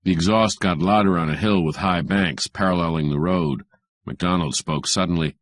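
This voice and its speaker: A man reading a hardboiled crime story aloud as an audiobook narrator, in a measured, even manner. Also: low-pitched, no echo, studio quality.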